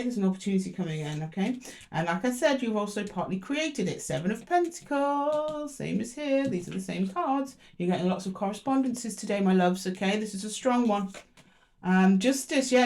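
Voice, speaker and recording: A woman's voice: medium pitch, a little mellow. A young adult woman doing a chatty, affectionate tarot reading to camera in a room at home. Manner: chatty and affectionate, talking to viewers as "my loves". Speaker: tarot reader. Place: room in a two-story house.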